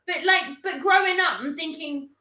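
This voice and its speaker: Woman co-host, casual and self-mocking, bright voice in an echoey room. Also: very high voice, normal speed. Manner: chatty, laughs often, self-mocking. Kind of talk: casual chat.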